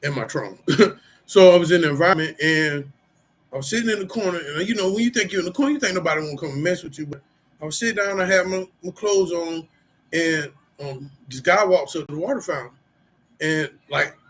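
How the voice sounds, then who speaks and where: A middle-aged man with a husky, slightly raspy voice pitched a bit high for a man. He talks casually and openly to his viewers, rambling with plenty of fillers and street slang. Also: brisk, a bit bright, poor audio. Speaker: vlogger sharing personal recovery. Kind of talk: casual personal talk to camera.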